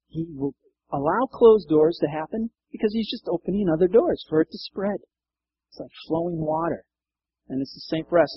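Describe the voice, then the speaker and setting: Man preaching a casual, lively sermon. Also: high voice, husky, dull audio. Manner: conversational preaching, acts out quotes with laughs. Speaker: pastor.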